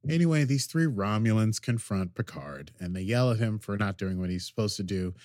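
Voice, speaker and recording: A man co-hosting a podcast who recaps a TV episode as an animated storyteller and laughs often. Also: on the low side, fairly quick, no room sound, studio quality. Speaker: podcast co-host.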